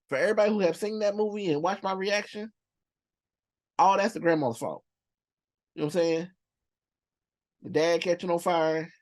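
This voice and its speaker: A man's voice: mid-range voice, a little mellow. A young man hosting a movie reaction channel, talking through a ranked list in loose, slangy, rambling casual commentary full of fillers.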